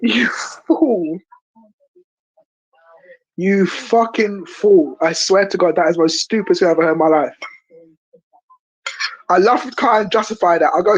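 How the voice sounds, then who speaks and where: A woman's voice: on the low side, moderate pace, pauses often, breathy edge, no room sound, poor audio. A woman hosting a stream, reacting in casual chat in a blunt, incredulous, swearing manner. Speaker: stream host.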